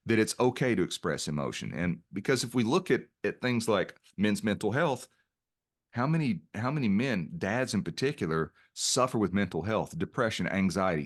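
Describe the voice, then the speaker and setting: A middle-aged man as a podcast guest, telling a personal story in an earnest way and often restarting his phrases. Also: sits low. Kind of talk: reflective interview storytelling.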